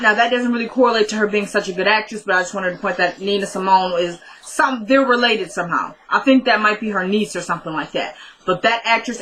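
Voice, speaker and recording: Bright-voiced excitable woman recapping TV. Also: medium pitch, low-quality recording. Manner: excitable, emotional retelling. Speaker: TV recap vlogger. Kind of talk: casual TV episode recap.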